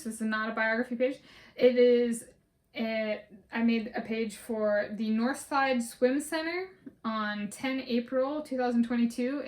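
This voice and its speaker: Slightly high-voiced woman listing methodically. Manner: methodical, repetitive, with frequent fillers and restarts. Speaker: vlogger. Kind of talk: casual spoken list walkthrough.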